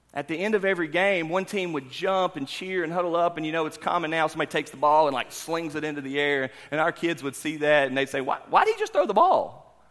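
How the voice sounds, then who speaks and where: A pastor in his thirties preaching a sermon, talking with his congregation and asking them questions before he builds to loud, emphatic preaching. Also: medium pitch. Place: church hall. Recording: long hall reverb.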